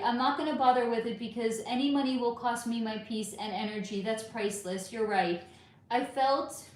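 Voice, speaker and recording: Livestreaming casually from an echoey room at home, a middle-aged woman reads out chat comments and rants, swearing plenty. Her voice is slightly high with a fairly bright tone.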